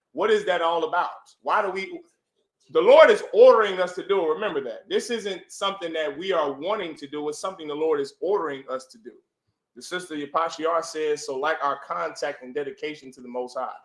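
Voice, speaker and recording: A man with a slightly high, brisk voice teaches a religious class to a room full of listeners, pressing them with repeated rhetorical questions and calling on them to answer. The room is echoey.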